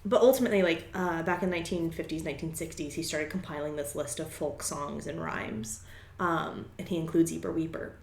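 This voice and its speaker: A woman's voice: low voice, a little fast, echoey room, a little hiss or hum. A young woman co-hosting a podcast, explaining things at length in casual chat with lots of fillers. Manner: rambling explainer with many fillers. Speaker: podcast co-host.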